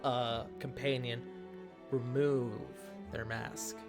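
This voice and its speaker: Unhurried man narrating as game master. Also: mid-range voice, flat delivery, music in the background. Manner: unhurried descriptive narration with hesitations.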